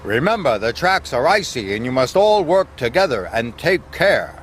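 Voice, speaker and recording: A man voicing a stern, booming male railway controller in a storybook reading. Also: big pitch swings, normal speed, fairly bright tone, slight background noise. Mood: firm. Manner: booming, commanding.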